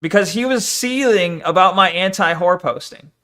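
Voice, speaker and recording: A man's voice: sits high, normal speed, sharp tone. A man streaming, reacting to a video with profane, mocking rants. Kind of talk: casual reaction commentary.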